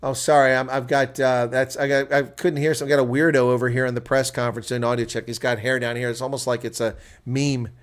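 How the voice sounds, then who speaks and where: American man, live reaction commentator, mid-pitched, excitable, shouts at big plays, talks to his viewers. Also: fast, hardly any pauses, smooth. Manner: chatty asides to viewers. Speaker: host.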